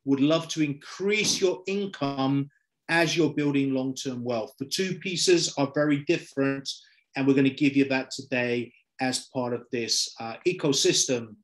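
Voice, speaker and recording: A man's voice: mid-range voice, measured pace. A middle-aged man with a London accent giving an upbeat online sales presentation, checking in with "okay?" and "right?". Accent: London English. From London, England. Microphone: video call.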